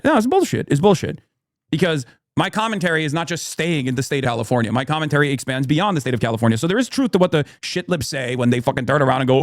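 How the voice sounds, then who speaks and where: Fast-talking, heated male commentator. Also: on the high side, animated, no echo, studio quality. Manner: combative, profane, ranting. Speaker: political commentator. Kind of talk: heated live-stream commentary.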